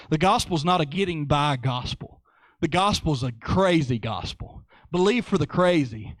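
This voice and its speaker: A man preaches a sermon with lively conviction, returning to key phrases again and again to drive them home. His voice sits a little higher than most men's, and the sound is close and dry. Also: dry recording. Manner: animated, repeats phrases for emphasis.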